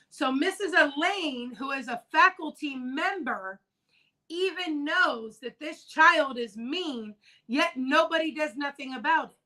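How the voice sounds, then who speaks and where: A woman hosts a casual live-stream chat. Her voice is high and bright, and she talks with emphasis, going back over her main points to drive them home. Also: expressive, a little slow, poor audio. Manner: emphatic, repeats key points. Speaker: livestream host. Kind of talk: casual discussion of a news case.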